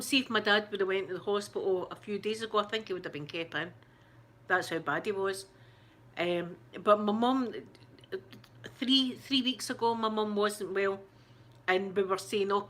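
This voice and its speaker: Shaken Scottish woman, talking haltingly. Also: medium pitch, a bit bright. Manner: halting, shaken, many restarts and fillers. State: upset, close to tears. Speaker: ASMR channel host. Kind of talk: casual live chat.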